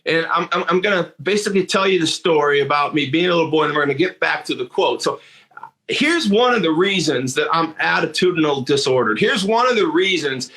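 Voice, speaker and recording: A man's voice: a little high, lively intonation, fairly quick, bright, forceful tone. A man in his sixties from Michigan, telling a personal story in an earnest monologue full of restarts and repeated words. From Michigan, USA. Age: 60s. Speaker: motivational speaker.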